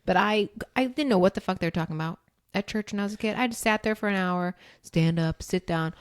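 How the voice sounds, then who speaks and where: A woman's voice: mid-range voice, fast talker, clean tone, dry recording, clean studio sound. A woman in her thirties hosting a casual chat, laughing often and talking freely. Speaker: podcast host.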